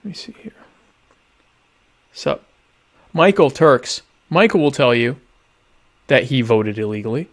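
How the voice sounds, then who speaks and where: A man's voice: medium pitch, very animated, a little slow, pauses often. A young man hosting a casual live-streamed talk show, reading viewer questions aloud and answering with sardonic, mock-pompous humor. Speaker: podcast host.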